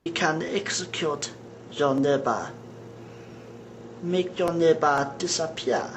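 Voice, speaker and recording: Brief: a person putting on a crappy German accent as a scheming elite villain, slow, with a faint hum behind. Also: mid-range voice, lightly acted. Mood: menacing. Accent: put-on German accent.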